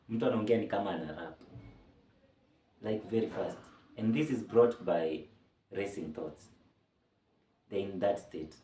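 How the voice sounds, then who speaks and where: A man's voice: sits low, dark tone, recorded from a distance, a little hiss or hum. A man explaining a topic in a casual, chatty way, with jokey asides. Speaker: mental health explainer. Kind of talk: casual educational talk. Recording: roomy sound from off-mic.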